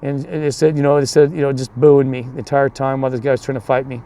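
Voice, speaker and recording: Gravelly man rambling through a story. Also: medium pitch, little pitch movement, fast talker, mellow. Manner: repeats and restarts a lot, voices the other people in his story. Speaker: youth baseball coach. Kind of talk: rambling storytelling that turns into preaching.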